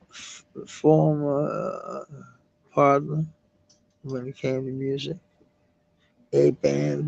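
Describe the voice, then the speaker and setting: A man rambling in a halting live-stream monologue, repeating words, trailing off and swearing. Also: a little high, vocal fry, a little mellow, slightly rough, muffled recording. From Denmark.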